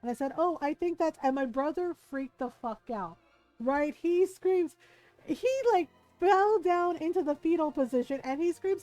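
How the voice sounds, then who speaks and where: High-pitched lady streamer, swears a lot, laughs while telling stories, faint game music behind. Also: normal speed, no echo, low-quality recording. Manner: animated, profane, laughing storyteller. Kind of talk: casual game stream chat and storytelling.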